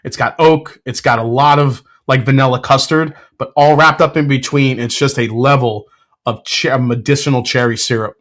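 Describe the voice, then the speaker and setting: Excitable male whiskey reviewer. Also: mid-range voice, moderate pace. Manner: excitable, blurts sports trash talk; frequent fillers and self-corrections. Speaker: whiskey reviewer, show host. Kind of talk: casual tasting chat.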